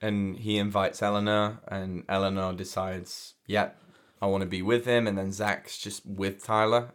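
A man's voice: on the low side, little pitch movement, moderate pace, a bit bright, smooth. A man co-hosting a podcast, chatting casually about a film, talkative, swearing and laughing a lot. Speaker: podcast co-host. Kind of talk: casual film discussion chat.

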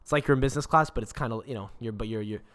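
A man's voice: mid-range voice, very fast, a bit bright. A young man from Quebec, hosting a podcast in a rambling, swear-filled casual rant. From Quebec, Canada. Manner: swears constantly, rambling restarts. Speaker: podcast host.

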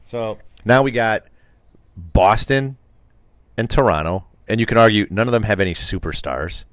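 A man with a fairly low voice chats casually about sports on a home podcast. He rambles, teases and throws out strong opinions. The sound is close and dry. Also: normal speed, a bit bright, no room sound. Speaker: podcast co-host.

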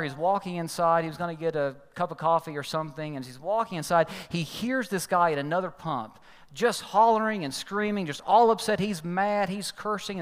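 Clear and resonant with a fairly bright tone, this pastor's voice fills a big church hall as he tells a story in his sermon. He gives the people in it their own voices, leaping sharply in pitch, all under long reverb.

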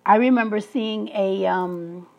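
A woman's voice: medium pitch, slow pace, gravelly, muffled recording. A woman talking through a personal story in an emphatic monologue, laughing between her points. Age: adult, past school age.

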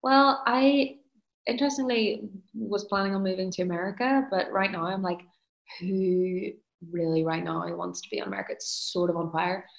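A woman's voice: mid-range voice, fairly even intonation, normal speed, gravelly, lo-fi sound. A woman, an actor, chatting easily in an interview and laughing often. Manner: easygoing, laughs often, self-deprecating. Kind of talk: casual interview chat. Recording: roomy echo.

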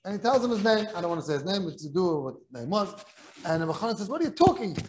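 A rabbi teaching a Talmud class in a kollel study hall tells a story animatedly, repeating words when he gets excited. His voice sits high and races along, with slight background noise.

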